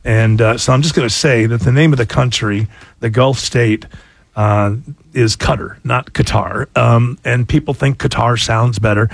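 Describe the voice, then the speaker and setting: A man's voice: mid-range voice, steady tone, normal speed, no room sound. A man hosting talk radio, rambling and self-mocking with many fillers. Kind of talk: casual talk radio banter.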